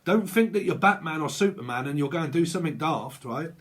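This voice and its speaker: A man's voice: on the high side, lively intonation, fairly quick, husky. A man talking as a tarot reader in a blunt, sweary casual vlog rant, laughing often.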